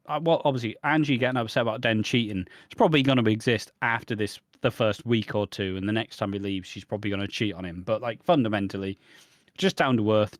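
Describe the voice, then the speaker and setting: A man's voice: mid-range voice, dry recording, clean studio sound. A young man with a Birmingham accent, co-hosting a casual podcast chat with joking, swearing asides. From West Midlands. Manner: jokey, swearing, quick asides. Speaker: podcast co-host.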